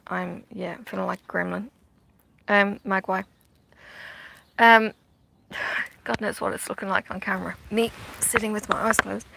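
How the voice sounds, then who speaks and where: A woman's voice: medium pitch, gravelly, a bit bright. A middle-aged woman, chatting casually while she stitches outdoors in the sun, rambling with many fillers and dropping into half-whispered asides. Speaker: vlogger.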